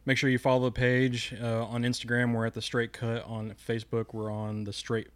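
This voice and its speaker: A man's voice: mid-range voice, monotone, moderate pace, clear, resonant tone. A man hosting a podcast in casual chat, rambling with restarts and easy laughs. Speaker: podcast host.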